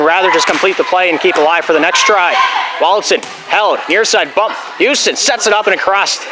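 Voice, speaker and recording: A young man doing volleyball play-by-play in a school gym, calling the plays fast and dropping jokey, rambling asides, a bit out of breath. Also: high-pitched, very noisy. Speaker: play-by-play announcer. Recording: loud gym ambience.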